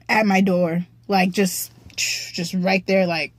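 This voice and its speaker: A young woman vlogger telling a story in a casual, profane, slangy way, often clearing her throat, from a parked car. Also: fairly low pitch, fairly even intonation, slow pace, hardly any pauses, dry recording.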